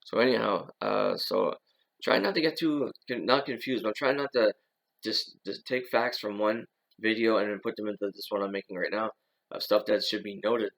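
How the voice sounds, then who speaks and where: A man's voice: on the low side, moderate pace, gravelly, fairly bright tone, poor audio. A man talking on his own in a loose, rambling monologue, full of "uh" and "you know" and restarted sentences. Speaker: channel host. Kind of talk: casual monologue.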